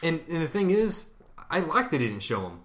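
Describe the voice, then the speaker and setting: Man, lively pitch, hesitant, trailing off, casual chat. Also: normal speed. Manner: hesitant, trailing off, laughs often. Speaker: podcast co-host.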